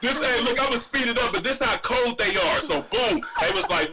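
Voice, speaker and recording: A man's voice: sits high, fairly quick, few pauses, a loud crowd, low-quality recording. A man calling in and telling a story with lots of energy, acting out the other voices and laughing often. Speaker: caller. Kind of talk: animated storytelling.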